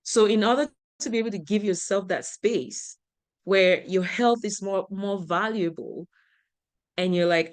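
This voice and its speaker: A woman's voice: medium pitch, a little slow. A woman giving a motivational talk, talking conversationally, asking the audience questions and laughing easily as she tells stories. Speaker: speaker.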